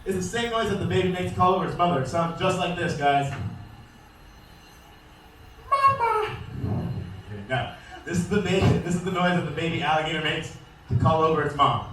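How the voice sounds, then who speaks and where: A man presenting a live alligator show, joking with and quizzing the crowd and calling out loudly to them. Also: a little high. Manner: calls out loudly to the audience. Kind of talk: live comedic animal demonstration. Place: outdoor show arena. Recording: echoey, distant outdoor recording with faint noise.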